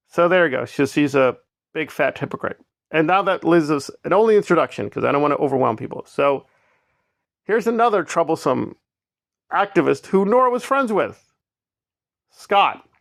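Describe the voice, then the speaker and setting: Gravelly, sarcastic male commentator. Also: a little high, no echo, studio quality. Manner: sarcastic, emphatic, repeats points. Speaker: commentary vlogger. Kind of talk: opinionated commentary on online drama.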